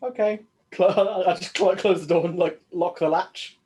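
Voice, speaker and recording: A man's voice: sits high, moderate pace, darkish tone, a little hiss or hum. A man playing a tabletop game, talking casually and laughing. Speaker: player.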